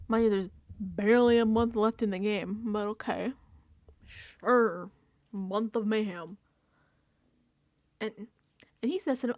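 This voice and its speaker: A woman's voice: mid-range voice, a little slow, long pauses, no echo. A woman recapping a reality TV episode in a casual reaction vlog, sarcastic and exasperated, swearing freely.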